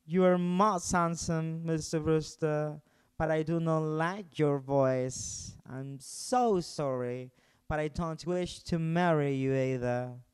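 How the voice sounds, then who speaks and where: A man's voice: a little high, slow, clean tone. A man voicing a fussy, choosy little female mouse who speaks politely but firmly. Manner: polite and particular.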